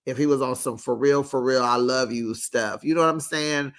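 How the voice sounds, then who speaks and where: A man hosting a casual TV recap, animated and laughing often as he acts out what people said. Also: mid-range voice, fairly quick. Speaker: TV recap host.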